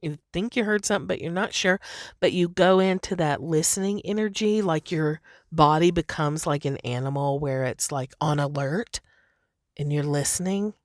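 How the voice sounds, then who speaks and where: A woman with a low voice hosts a podcast in a loose, chatty monologue. She laughs easily and peppers her talk with "you know" and "like". The recording is dry and close, with no room sound. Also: normal speed, dry recording. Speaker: podcast host.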